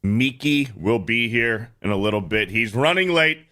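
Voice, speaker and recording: A man's voice: medium pitch, animated, normal speed, sharp tone. A man co-hosting a casual morning show, joking and playful in his banter. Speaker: co-host.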